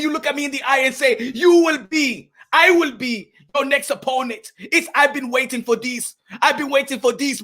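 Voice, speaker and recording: Man doing a wronged boxer, high and sharp, indignant rants. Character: aggrieved male boxer passed over for a big fight.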